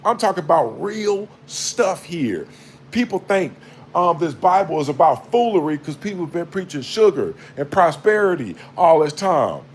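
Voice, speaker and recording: A man giving a blunt, profane, preachy spiritual monologue to a low-held phone camera. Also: sing-song, moderate pace, slight background noise. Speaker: vlogger.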